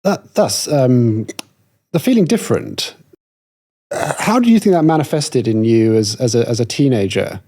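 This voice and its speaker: A man hosts a podcast interview, putting careful questions to his guest. His voice is mellow and mid-pitched, and he speaks in a measured, thoughtful way with a few hesitant restarts. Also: animated. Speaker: podcast host.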